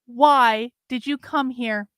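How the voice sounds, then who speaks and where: A woman voicing a gentle, solemn woman cult leader who speaks softly, in a comic fan story read aloud. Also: very high voice, expressive, measured pace, no echo, clean studio sound, voice pushed up, exaggerated voice. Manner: soft, hushed, solemn.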